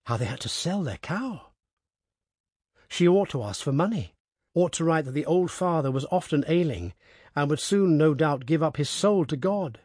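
A man narrating a story aloud in a measured, even manner. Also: fairly high pitch, slightly rough, no room sound, clean studio sound. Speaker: audiobook narrator. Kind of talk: scripted narration.

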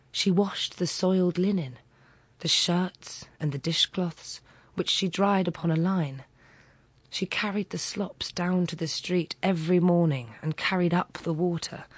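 A woman reads a classic story aloud, slow and deliberate, with dramatic weight on each phrase. Her voice is low-set and breathy, and the sound is close and dry. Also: no room sound. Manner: measured, dramatic, softly breathy. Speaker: audiobook reader. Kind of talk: scripted literary narration.

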